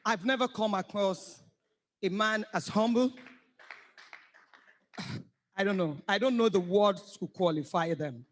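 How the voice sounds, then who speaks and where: A man's voice: high-pitched, slow, pauses often. A man giving an earnest tribute, searching for words. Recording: echoey hall from far off.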